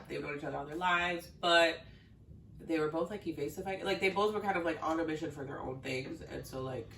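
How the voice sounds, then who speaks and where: A woman's voice: low voice, creaky, fairly bright tone, reverberant, recorded from a distance, a little hiss or hum, rough recording. A woman vlogger retelling a movie plot in casual, filler-heavy chat, acting out the characters' lines as she goes. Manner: chatty, filler-heavy, acts out characters in quotes. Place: home, fridge running nearby.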